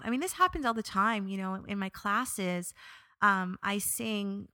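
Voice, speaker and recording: Bright-voiced woman telling a personal story. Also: medium pitch, a little slow, dry recording. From New York area. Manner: expressive, animated when quoting herself, reflective. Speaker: podcast host.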